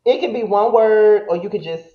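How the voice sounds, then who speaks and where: A man's voice: high-pitched, moderate pace. A man hosting a casual interview show, joking around and using slang. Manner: lively, joking, uses slang. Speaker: show host. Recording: roomy, dull sound.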